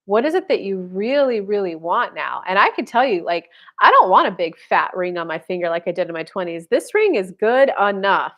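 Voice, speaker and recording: Thirties woman, dating-coach host, mid-pitched voice, loose and chatty live-stream delivery, lots of fillers, a bit blunt. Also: sing-song, a little fast, hardly any pauses, fairly bright tone. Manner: chatty, heavy "like" fillers, blunt with casual swearing. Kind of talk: casual live-stream chat answering viewers.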